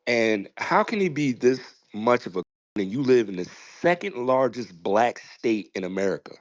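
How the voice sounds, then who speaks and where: A man's voice: medium pitch, sing-song, moderate pace, dry recording. A man calling in to a debate show, incredulous and repeating his points. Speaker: caller. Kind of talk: call-in debate.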